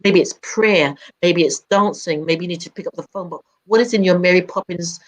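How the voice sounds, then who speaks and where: A woman's voice: on the low side, brisk. A woman talking in a radio chat, reflective and encouraging as she shares personal experience. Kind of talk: casual chat.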